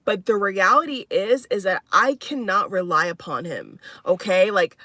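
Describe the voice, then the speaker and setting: A woman's voice: mid-range voice, animated, normal speed, sharp tone, dry recording. A woman in her twenties talking candidly in a personal vlog, emphatic and repetitive, full of "you know" and "like". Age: 20s. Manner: emphatic, repeats herself, fillers like "you know". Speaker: spiritual vlogger.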